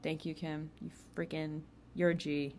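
A woman's voice: low-pitched, little pitch movement, moderate pace, darkish tone, slight background noise. A young woman telling a personal story in a casual, chatty way, full of filler words and laughs. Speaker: podcast host.

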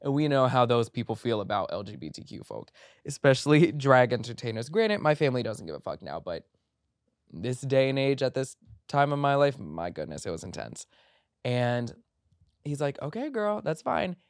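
A man in the middle of his pitch range, telling a sprawling story in a casual, animated way. He swears freely and goes off on tangents, now and then jumping into a high, mocking voice to quote someone. The sound is dry and close, with no room echo. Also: moderate pace, clean tone. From Egyptian family background. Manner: animated, breaks into high mimicking voices when quoting people; profane, tangent-filled storytelling. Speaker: podcast host.

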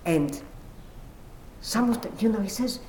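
A woman discussing literature in conversation, animated and acting out quoted dialogue. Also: medium pitch, a little slow, slight background noise. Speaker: literature commentator. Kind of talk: conversational explanation.

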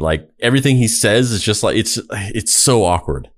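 Low-voiced, wry male podcast narrator. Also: expressive, normal speed, hardly any pauses. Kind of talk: casual commentary and scripted narration.

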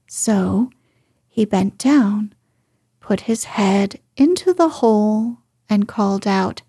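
A woman reading a children's story aloud as a soothing bedtime story, soft and hushed. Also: medium pitch, slow, slightly rough, no echo, studio quality.

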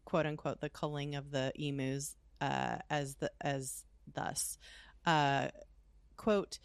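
A woman's voice: deep voice, slow, creaky, clean tone, no room sound. A woman co-hosting a podcast, telling a story in casual, profane chat and laughing often. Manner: profane, animated, laughs a lot. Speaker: podcast co-host.

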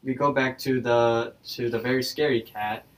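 A man's voice: mid-range voice, fairly even intonation, moderate pace, far from the mic, poor audio. A young man co-hosting a podcast, casually retelling a cartoon episode and often restarting his sentences. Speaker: podcast co-host. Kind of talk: casual episode recap chat.

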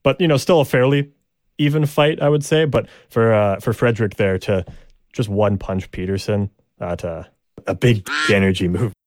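A man's voice: lowish voice, normal speed, a little mellow, no room sound, studio quality. A man co-hosting a casual sports podcast, rambling and hesitant with many restarts. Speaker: podcast co-host.

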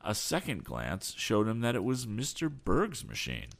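A man narrating an audiobook in a steady, expressive storytelling manner. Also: on the low side, unhurried, creaky. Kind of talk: scripted narration.

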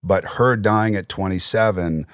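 A man's voice: low voice, unhurried, clean tone, no echo, studio quality. A middle-aged man, an actor guest on a podcast, telling vivid anecdotes with casual swearing. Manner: vivid anecdotes, swearing, acting out quoted voices. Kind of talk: casual storytelling interview.

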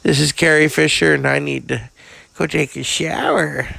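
A man's voice: a little high, fairly even intonation, normal speed, vocal fry, bright, forceful tone, slightly rough, dry recording, exaggerated voice. A man doing an impression of a crude, brash older actress, bawdy and campy in manner. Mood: bawdy, camp.

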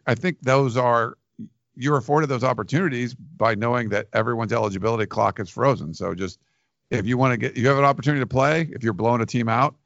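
A man with a low, gravelly voice chats casually as a podcast co-host. He rambles and restarts his sentences. The sound is dry and dull, like a lo-fi recording. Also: fairly bright tone, no room sound. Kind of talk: casual chat.

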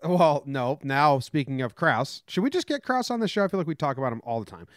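Smooth, wry man chatting casually. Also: fairly high pitch, a little fast, no echo, studio quality. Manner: wry, animated storyteller, mock-sings bits. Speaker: podcast co-host. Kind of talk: casual chat.

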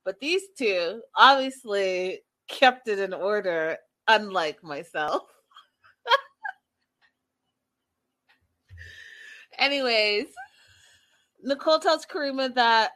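A young woman chatting casually as she recaps a reality show, gossipy and animated, often laughing and talking straight to her viewers. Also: mid-range voice, measured pace.

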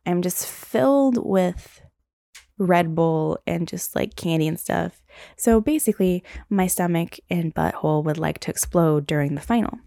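A woman's voice: on the low side, lively intonation, unhurried, gravelly, mellow, no room sound, clean studio sound. A young woman hosting a podcast, telling a long personal story in a rambling, candid way, full of "like" and swearing. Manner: rambling, heavy use of "like", candid and profane. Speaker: podcast host. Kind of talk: casual storytelling.

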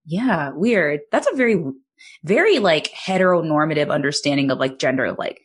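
A woman's voice: sits low, expressive, fairly quick, husky. A woman co-hosting a podcast, recapping a film in loose casual chat full of "like"s and the odd swear word. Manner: chatty, many "like"s, swearing, laughs easily. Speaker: podcast co-host.

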